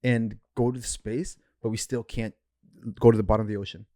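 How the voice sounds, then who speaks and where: A man's voice: lowish voice, fairly even intonation, a little fast, mellow, dry recording, studio quality. Musing young man, casual slang. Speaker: podcast co-host. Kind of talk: casual chat.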